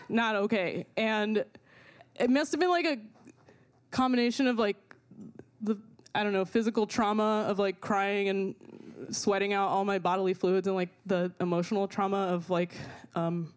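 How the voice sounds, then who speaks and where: A young woman from Latin America telling a comic personal story in a loose, profane way, packed with "like" and laughter. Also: medium pitch. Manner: animated, profane, filler-heavy with lots of "like".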